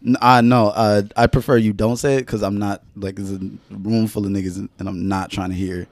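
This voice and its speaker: A man's voice: fairly low pitch, level tone, brisk, dry recording. A young man on a podcast, teasing his co-host in casual slang, full of fillers and laughter. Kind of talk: casual chat.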